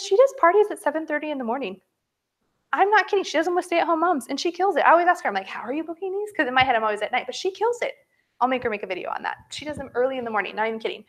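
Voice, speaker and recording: A woman in her thirties gives a motivational training talk to her sales team. Her voice sits a little high, and her delivery is chatty and animated. She tells stories directly to her listeners and keeps calling them "you guys.".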